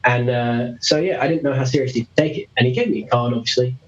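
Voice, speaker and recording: A man's voice: mid-range voice, fast talker, muffled recording. British young man, rambling storyteller. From Britain. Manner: rambling, laughs often, many restarts. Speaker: interview guest. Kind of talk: casual storytelling.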